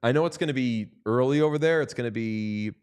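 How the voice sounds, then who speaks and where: A man's voice: mid-range voice, brisk, darkish tone, clear, resonant tone. A man co-hosting a casual hockey watchalong, joking around and telling stories. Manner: joking, storytelling, tries mock accents. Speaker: podcast co-host.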